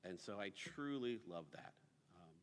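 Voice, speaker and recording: A man's voice: on the low side, animated, unhurried. A man reminiscing fondly about a friend in a memorial speech. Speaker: eulogy speaker. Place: memorial service hall. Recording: reverberant hall.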